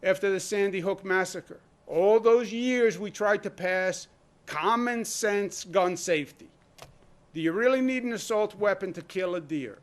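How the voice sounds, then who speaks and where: A man speaking as governor at a press conference, emphatic and full of rhetorical questions. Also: sits high. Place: indoor briefing room.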